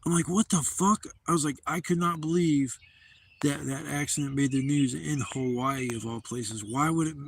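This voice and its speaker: A man's voice: mid-range voice, steady tone, normal speed, gravelly, breathy edge. A man hosting a casual livestream from a campsite, telling a long rambling story with plenty of swearing. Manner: rambling, profane, loose storytelling. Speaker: livestream host. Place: outdoor campsite.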